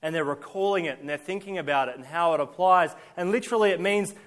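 A man's voice: a little high, fast talker, a bit bright. A male pastor preaching a sermon, emphatic, building his points through repeated lists and rhetorical questions.

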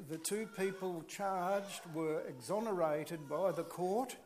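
A man's voice: high-pitched, slight background noise. A man preaching a sermon, earnest and emphatic, with chatty asides to the congregation.

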